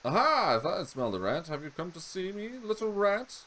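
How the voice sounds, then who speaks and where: A man's voice: sits high, sing-song, brisk, sharp tone, slight background noise, pitched above the performer's own voice, full character voice. A man voicing a sneering, unstable adult sister as he reads game dialogue aloud, in a mocking, taunting way.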